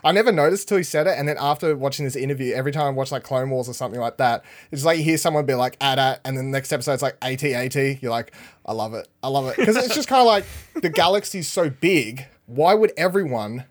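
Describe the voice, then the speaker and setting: A man hosting a podcast in casual chat, energetic and rambling as he talks. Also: fairly high pitch, fast talker. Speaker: podcast host.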